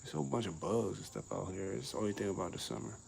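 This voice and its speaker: Middle-aged male vlogger, low gravelly voice, casual street slang, outdoor recording with faint background noise. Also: rapid-fire, darkish tone, rough recording. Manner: laid-back, slangy, laughs often, acts out quotes. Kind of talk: casual outdoor vlog rant. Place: outdoors on a summer evening.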